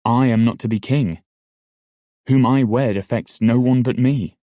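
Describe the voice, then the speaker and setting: A man's voice: fairly low pitch, brisk, dark tone, dry recording, close to an everyday voice. A man voicing an earnest, hot-tempered young man in an audiobook, with heated, pleading outbursts. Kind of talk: audiobook dialogue.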